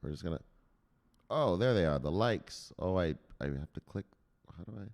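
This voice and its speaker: Animated, joking man hosting a livestream. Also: sits low, normal speed. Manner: animated, profane, joking, greets chat by name. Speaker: crypto news livestream host. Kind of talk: casual livestream chat.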